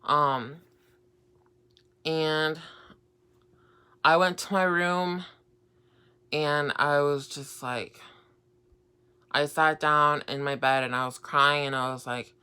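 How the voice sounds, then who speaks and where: A young woman chats through a personal story on her vlog, wandering with fillers and repeated starts. Her voice is bright and clean, and she speaks unhurriedly. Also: deep voice, steady tone, takes it slowly, long pauses, smooth. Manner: rambling, lots of fillers and repeats. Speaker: vlogger.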